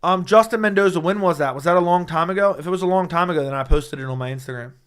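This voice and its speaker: A young man hosting a casual fight-talk livestream, excitable and rambling, swearing often, with a voice he says is going hoarse. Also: sits high, rapid-fire. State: losing his voice. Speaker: MMA livestream host. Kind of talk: casual livestream chat reading chat.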